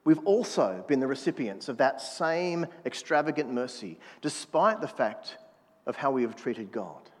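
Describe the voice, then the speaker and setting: A man's voice: medium pitch, lively intonation, unhurried, a little mellow, long reverb tail. A man preaching a sermon in a conversational manner, prodding the congregation to answer back. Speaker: pastor.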